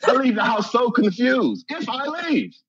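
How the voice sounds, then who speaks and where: A man from Chicago telling a humorous personal story, animated and laughing often as he acts out voices. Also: very high voice, moderate pace, husky, no room sound, lo-fi sound.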